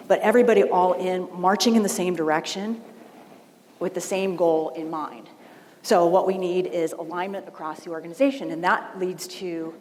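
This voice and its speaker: A woman's voice: lowish voice, darkish tone, slight background noise. A woman giving a conversational conference keynote, telling stories and often checking in with "right?". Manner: conversational, storytelling, frequent "right?" asides. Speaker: keynote speaker. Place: large event hall. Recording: long hall reverb, faint ambience.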